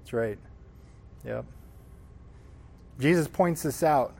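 A man's voice: fairly high pitch, expressive, moderate pace. Man teaching a Sunday school class. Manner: informal, often asks the class "right?". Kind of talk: conversational Bible teaching.

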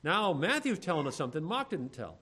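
A man's voice: on the high side, very animated, brisk, a bit bright, husky. A male pastor preaching a sermon, reading scripture and then acting out the disciples' complaints in everyday speech. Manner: reads scripture in old-fashioned phrasing.

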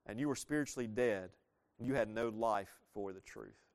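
A man's voice: lowish voice, moderate pace. A man preaching a sermon as pastor, earnest and emphatic, asking the congregation rhetorical questions and repeating phrases for weight.

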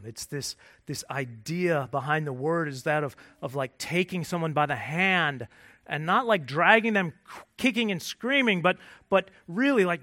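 A pastor preaches a sermon in an expressive, somewhat high voice at normal speed. He repeats and restarts words while searching for phrasing, building from quiet emphasis to rising intensity.

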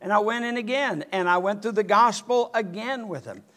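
Older pastor, animated storyteller, bright high-pitched voice. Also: male voice, moderate pace. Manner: animated, rises to near-shouting when excited. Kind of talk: sermon with storytelling.

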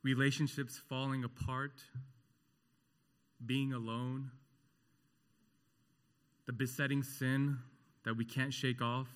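Male pastor, mid-range voice, preaching slowly with passion, moves between booming questions and gentle near-whispers; long room echo. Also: flat delivery. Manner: impassioned, swinging from loud rhetorical questions to hushed tenderness. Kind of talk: sermon.

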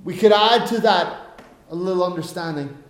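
A man's voice: high voice, moderate pace. A man preaching a sermon earnestly, asking rhetorical questions, recorded in an echoey room.

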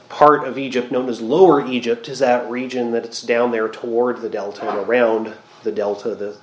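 A man giving a Bible study lecture, explaining the text thoughtfully with reflective asides. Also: medium pitch. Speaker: Bible teacher. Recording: roomy echo.

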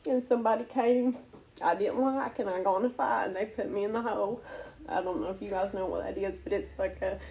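A woman telling her personal faith testimony in an earnest, halting, emotional way. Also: mid-range voice, fairly even intonation, vocal fry, warm tone, lo-fi sound.

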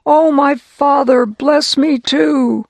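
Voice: sits high, steady tone, takes it slowly, gravelly, no room sound, pitched above the performer's own voice, exaggerated voice. A storyteller voicing a grieving young man who begs his father, in a raised, strained voice. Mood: pleading.

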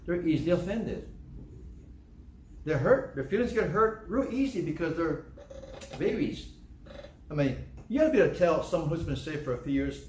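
A man's voice: on the high side, very animated, moderate pace, long pauses, a little mellow, roomy sound, a little hiss or hum. An older man preaching a sermon as pastor, emphatic and repetitive, acting out excuses people give. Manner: emphatic, repetitive, acts out church members' excuses. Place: church.

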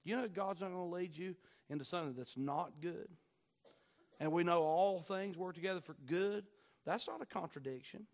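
High-voiced impassioned preacher. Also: male voice, moderate pace. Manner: impassioned, surging from quiet to near-shouting. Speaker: pastor. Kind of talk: sermon.

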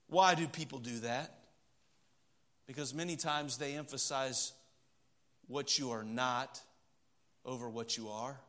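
A middle-aged man, preaching a sermon in church and telling stories, shifting between loud emphatic stretches and low quiet ones. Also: a little slow, pauses often. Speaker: pastor. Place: church sanctuary.

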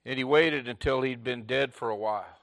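A man preaching a sermon in short, repeated phrases, rising to loud emphasis and dropping to a hush. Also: mid-range voice, fairly quick, creaky. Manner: swings between loud emphatic lines and hushed near-whispers. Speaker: pastor.

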